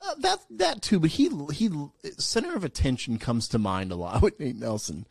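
A man's voice: mid-range voice, wildly swooping pitch, normal speed, creaky, a little mellow, breathy edge, dry recording. A man co-hosting a podcast, telling a long casual anecdote with lots of fillers and some swearing. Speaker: podcast co-host and former radio DJ. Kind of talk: casual chat, storytelling.

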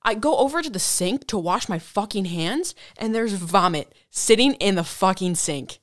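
A woman's voice: medium pitch, expressive, moderate pace, no room sound, clean studio sound. A young woman telling a college story in casual chat, swearing often and full of fillers. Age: young adult.

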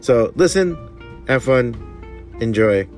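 A man's voice: mid-range voice, takes it slowly, soft background music. A man hosting a podcast in casual, profane chat, laughing often and telling stories with animation. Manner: laughs often, swears freely, animated storytelling. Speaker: podcast host.

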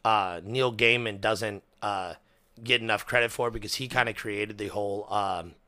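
A man's voice: fairly low pitch, steady tone, moderate pace, pushed and bright, no room sound. A young man hosting a podcast, chatting casually and animatedly, swearing often and acting out quotes. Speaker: podcast host. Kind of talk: casual chat.

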